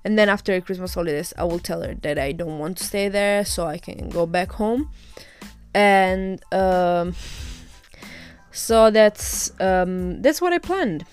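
A woman's voice: fairly low pitch, measured pace, darkish tone, clean tone, faint music behind. A young woman hosting her own podcast, candidly retelling a bad experience in a casual, indignant way with some swearing. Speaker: podcast host. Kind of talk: casual storytelling monologue.

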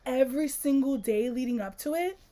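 Sassy woman podcast host, high voice but mellow tone, talks with lots of exasperation. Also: a little fast. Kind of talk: casual chat about a book.

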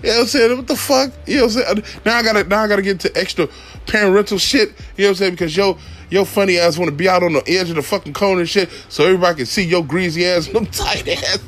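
A man, a father and rideshare driver, telling a profane comic story, shouting high then muttering low. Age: adult father.

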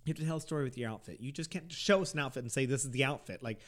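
A man's voice: medium pitch, very fast. A man co-hosting a podcast, chatting casually and filling his talk with "like". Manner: chatty, peppered with "like", laughs easily. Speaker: podcast co-host. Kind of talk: casual chat reviewing a TV show.

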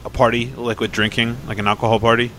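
A man's voice: mid-range voice, level tone, fast talker, fairly bright tone, a little hiss or hum. A man in casual chat telling a delivery story, full of fillers and acted-out quotes. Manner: rambling, filler-heavy storyteller. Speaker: pizza delivery driver.

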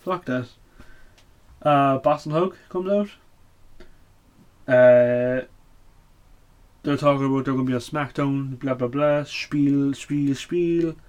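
A man's voice: medium pitch, slow pace, long pauses, a little mellow. A man hosting a casual show recap, blunt and opinionated, swearing often and full of fillers. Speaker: wrestling podcast host.

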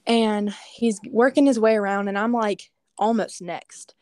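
A woman earnestly telling a personal testimony in casual conversation, animated and full of casual fillers. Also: medium pitch, measured pace, no room sound, clean studio sound. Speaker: guest sharing a testimony.

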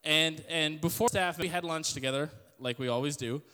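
A young man giving a loud, joking youth sermon to an audience in a church hall. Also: a little high, normal speed, clean tone. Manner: loud, joking, self-deprecating storyteller. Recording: long hall reverb.

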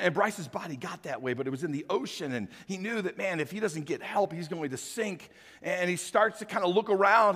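High-voiced man preaching in a reverberant hall. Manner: storytelling, builds to loud emphatic peaks. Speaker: pastor. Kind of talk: sermon.

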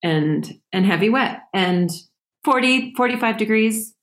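A woman being interviewed, talking in a relaxed, chatty way and laughing often. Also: fairly high pitch, measured pace. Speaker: podcast guest, ski mountaineer. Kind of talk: casual interview chat.

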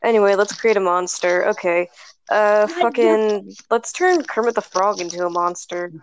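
A woman's voice: mid-range voice, moderate pace, low-quality recording. A young woman chatting as a guest on a podcast call, giggling and filling gaps with "like" and "um". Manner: giggly, full of fillers. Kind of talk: casual group call chat. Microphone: online voice call.

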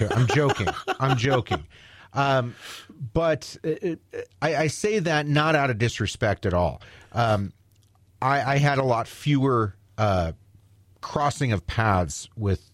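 A man's voice: mid-range voice, no echo. A male co-host speaks on talk radio in an ordinary mid-range voice, close and dry on the studio mic. He hesitates a lot, fills gaps with ums and restarts, with a wry edge. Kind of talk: talk radio, on-air banter. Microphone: studio microphone.

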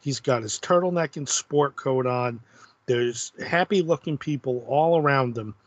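A man co-hosting a podcast, chatting casually in a relaxed, amused way. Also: mid-range voice, a little slow, no echo. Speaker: podcast co-host. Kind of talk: casual chat about comics.

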